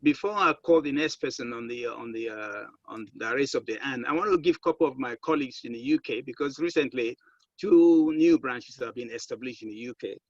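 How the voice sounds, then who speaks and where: A man moderating a webinar on a video call, halting and repeating words as he searches for them. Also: mid-range voice, no room sound. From Nigeria. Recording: dull, dry video-call audio.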